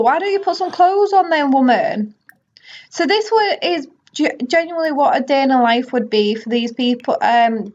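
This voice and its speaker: Chatty woman gamer, higher register, casual running commentary; muffled lo-fi audio. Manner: chatty, bossing her game characters around. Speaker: gaming YouTuber. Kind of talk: casual let's play commentary.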